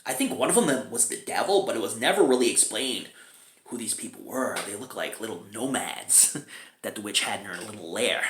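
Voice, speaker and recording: A man talks through a film review in a loose, chatty way, breaking into chuckles between remarks. His pitch swings up and down with lively inflection. He sounds like he is in a roomy, echoey space. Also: normal speed, a little hiss or hum.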